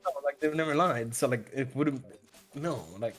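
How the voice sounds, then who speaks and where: Husky laid-back male co-player. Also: mid-range voice, normal speed, fairly bright tone, soft background music. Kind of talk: casual gaming chat.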